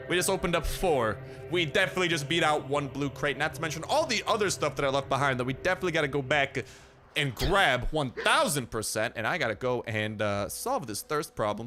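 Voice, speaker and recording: Male game host, goofy hype commentary, bright voice over faint music. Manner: goofy and hyped, with sudden high squeals. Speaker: gaming video host. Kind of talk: energetic gameplay commentary.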